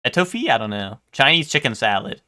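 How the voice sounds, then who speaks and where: A man's voice: mid-range voice, animated, a little fast, sharp tone. A man streaming live, chatting casually with his chat and stumbling over unfamiliar food names. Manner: chatty, hesitant, stumbles over foreign words.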